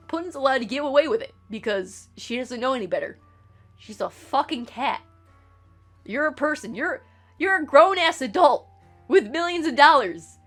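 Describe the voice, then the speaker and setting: Blunt, swearing woman streamer ranting. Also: high voice. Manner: rambling with repeated restarts. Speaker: gaming streamer. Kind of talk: casual commentary while playing a game.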